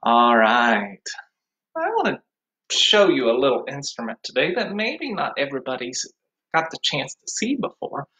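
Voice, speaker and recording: A man's voice: mid-range voice, wildly swooping pitch, moderate pace, bright, forceful tone, poor audio. A man teaching an online music class to young children, talking cheerfully and singing along with a ukulele.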